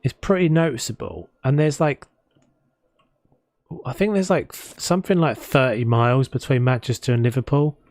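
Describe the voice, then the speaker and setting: A man's voice: medium pitch, normal speed, a little mellow, no echo. Guy rambling away while gaming, lots of restarts, bit of music under it. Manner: rambling, chatty, many restarts. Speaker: gaming streamer. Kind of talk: casual chat while playing. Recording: faint music behind.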